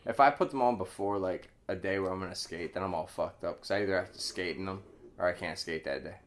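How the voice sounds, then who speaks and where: Deep-voiced laid-back young guy. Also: fast. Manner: laid-back, swears a lot. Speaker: podcast host. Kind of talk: casual chat.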